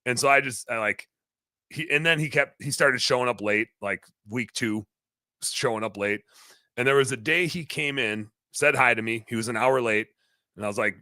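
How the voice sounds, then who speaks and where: A man hosting a podcast, telling a long story in a rambling, animated way, full of fillers. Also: mid-range voice, normal speed, dry recording. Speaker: podcast host, business owner.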